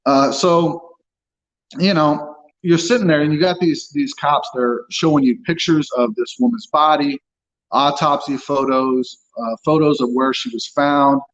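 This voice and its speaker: A man's voice: a little high, steady tone, a little slow, fairly bright tone, dull audio. A man telling his own story as an interview guest, blunt and frank, swearing freely as he talks. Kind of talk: candid personal account.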